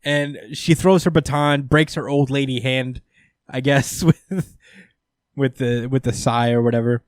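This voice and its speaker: A man hosts a podcast, recapping a comic in a loose, casual way with plenty of swearing and laughter. His voice is mid-pitched for a man. The sound is dry and close to the microphone. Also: little pitch movement, a little slow, no room sound. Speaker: podcast host.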